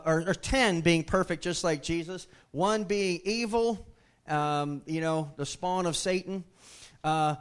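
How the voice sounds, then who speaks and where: A middle-aged man preaching a sermon, telling a family story in a folksy way with many restarts. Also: high-pitched. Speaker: pastor.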